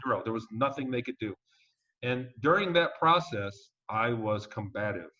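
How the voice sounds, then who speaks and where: A man being interviewed as a guest, telling his story in a casual, animated and emphatic way and swearing now and then. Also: mid-range voice, moderate pace. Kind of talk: conversational storytelling. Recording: dull lo-fi audio.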